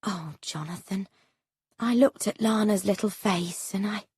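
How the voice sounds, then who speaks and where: A woman reading a storybook aloud and voicing a gentle farm wife who longs for a child. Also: on the low side, big pitch swings, slow pace, slightly rough, no room sound, clean studio sound, heavily acted.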